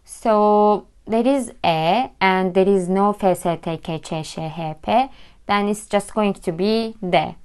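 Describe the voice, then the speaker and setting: A woman's voice: mid-range voice, slow, darkish tone, clear, resonant tone, no echo, studio quality. A woman teaching a language lesson, patiently spelling out letters and word endings. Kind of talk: slow explanatory lesson.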